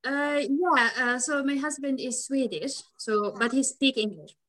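A woman's voice: high-pitched, a little slow, fairly bright tone. A married woman speaking non-native English with many fillers in a casual podcast chat.

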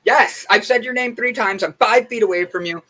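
A man's voice: very high voice, brisk, pitched above the performer's own voice, heavily acted. A man voicing his feisty older mother, who is hard of hearing and talks back sharply and with indignation. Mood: indignant. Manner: sassy and indignant, then shouting.

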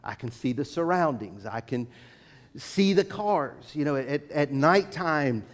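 A middle-aged man preaching a sermon to a congregation, telling a story with halting, repeated words. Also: a little high, animated. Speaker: pastor. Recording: long reverb of a hall.

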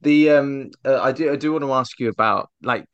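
Male podcast host, mid-pitched, chatty, meandering questions. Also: brisk, a bit bright, no echo, muffled recording. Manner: long winding questions with fillers. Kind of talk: casual interview.

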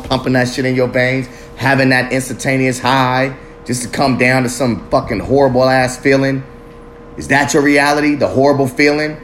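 A man rambles through a solo podcast, loose and profane, drifting between jokes and life lessons. His pitch sits mid-range for a man. A faint hiss of background noise lies under the voice. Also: fairly bright tone. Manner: loose, profane, street slang, rambling reflective. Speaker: podcast host. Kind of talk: casual solo podcast monologue.

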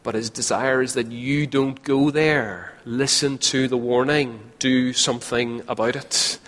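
A man's voice: mid-range voice, fairly even intonation, a little slow, fairly bright tone. A man preaching a sermon in an earnest way, now and then acting out the voices of imagined people. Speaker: pastor. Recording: long hall reverb.

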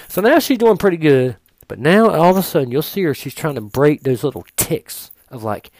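A man performing a comic monologue, telling an exaggerated story in an animated way. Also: a little high, normal speed, dry recording. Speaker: comedian.

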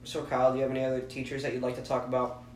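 A man's voice: medium pitch, monotone, rapid-fire. A young man hosting a casual podcast chat. He jokes around, laughs easily and swears freely. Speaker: podcast host. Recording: echoey room with faint noise.

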